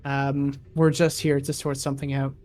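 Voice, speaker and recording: A man's voice: medium pitch, level tone, moderate pace, darkish tone. A man playing a tabletop game, speaking hesitantly with frequent restarts. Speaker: player.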